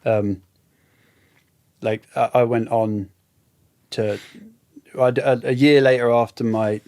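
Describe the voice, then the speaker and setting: Reflective man, halting speech. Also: mid-range voice, steady tone, darkish tone. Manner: reflective, halting, often trailing off. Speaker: podcast guest. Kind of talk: casual conversation.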